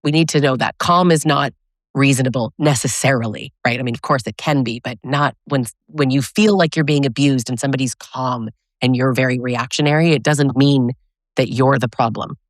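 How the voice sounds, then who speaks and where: A woman's voice: rumbling low, normal speed, dry recording, studio quality. A woman podcast host speaking emphatically from personal experience in a casual interview.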